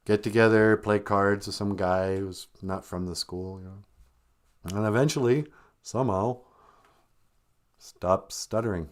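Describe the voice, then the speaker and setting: A man's voice: on the low side, a little slow, pauses often. A man hosting a live-stream podcast in casual chat, joking and laughing often. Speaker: podcast host.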